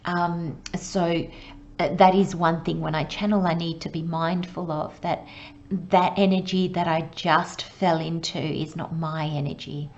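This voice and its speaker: A woman giving a casual tarot reading, excitable and rambling, with frequent laughs and soft asides. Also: on the low side, a little slow, muffled recording. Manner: excitable, rambling, laughs often, sometimes drops to a whisper. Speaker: tarot reader.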